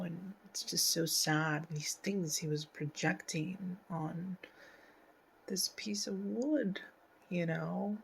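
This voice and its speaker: Slow, thoughtful woman talking softly. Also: on the low side, gravelly, slightly rough, low-quality recording. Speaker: video host reacting to a TV episode. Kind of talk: casual pause-and-talk commentary.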